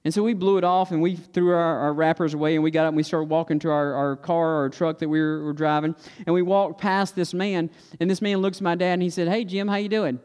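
A man preaches in a folksy, confessional style, talking to his listeners. His voice sits a little high for a man and rings with a long reverb in a big hall. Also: little pitch movement, fast, hardly any pauses, darkish tone, clean tone. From Stokes County, North Carolina. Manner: folksy, confessional, acts out family dialogue. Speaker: pastor. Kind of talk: sermon storytelling.

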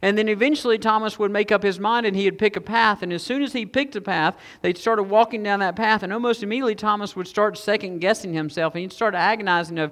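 A man's voice: high-pitched, steady tone, quick pace, few pauses, fairly bright tone, big-room sound. A middle-aged male pastor preaching a sermon in a casual storytelling way, with many fillers and restarts.

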